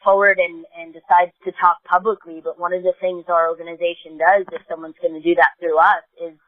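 A woman's voice: lowish voice, little pitch movement, fairly quick, no room sound. New York woman guest, earnest, emphatic, tinny phone line, dry sound. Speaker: guest, advocacy organization co-founder. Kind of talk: earnest podcast interview.

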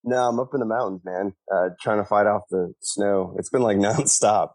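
A man's voice: lowish voice, moderate pace, a little mellow, poor audio. An easygoing man co-hosting a podcast, chatting casually about his time at home. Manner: laid-back, easygoing. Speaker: podcast co-host. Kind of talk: casual chat.

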